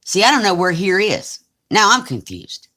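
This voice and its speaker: A woman's voice: medium pitch, sing-song, moderate pace, sharp tone. A woman in her forties with a Southern US accent, chatting casually on a crafting live stream and reading comments aloud. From Alabama, US. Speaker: crafting channel host.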